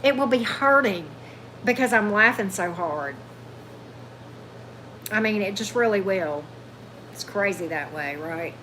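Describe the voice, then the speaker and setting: A woman's voice: mid-range voice, expressive, unhurried, pauses often, sharp tone, slight background noise, poor audio. A woman hosting a tarot livestream, chatting loosely and answering viewer comments as they come in. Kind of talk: casual livestream chat with viewers.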